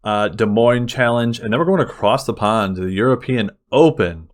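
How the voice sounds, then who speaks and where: A man co-hosting a sports podcast in casual chat, excitable and full of fillers. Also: medium pitch, moderate pace. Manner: excitable, uses lots of fillers. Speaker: podcast co-host.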